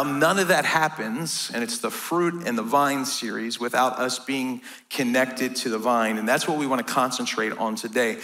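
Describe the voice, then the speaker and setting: A man's voice: mid-range voice, sharp tone. A middle-aged American man, a pastor, preaching a sermon in a church in a casual, joking way and often asking "right?".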